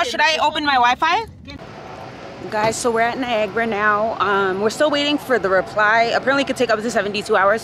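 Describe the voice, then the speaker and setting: A woman's voice: fairly high pitch, noisy background. A young woman from Canada chatting casually to her own handheld camera as a vlogger, laid-back and full of filler words. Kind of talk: casual vlog chat to camera.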